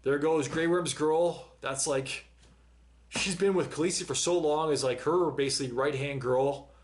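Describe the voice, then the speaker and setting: A man's voice: a little high, moderate pace. Chatty man hosting a reaction video. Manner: chatty, repeats and restarts words. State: out of breath. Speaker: reaction channel host. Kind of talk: casual reaction commentary.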